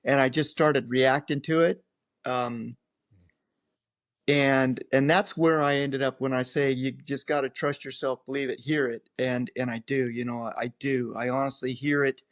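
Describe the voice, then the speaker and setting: Older male guest, casual storyteller, lively voice, recorded dry. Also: mid-range voice, measured pace, dry recording. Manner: rambling, animated, acts out others' lines. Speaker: guest, professional angler.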